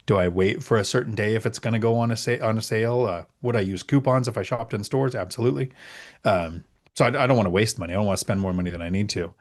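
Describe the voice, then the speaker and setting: A man's voice: fairly low pitch, fast talker. A middle-aged man hosting a casual live question-and-answer chat, reading out viewer questions and answering frankly with emphatic repetition. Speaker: host.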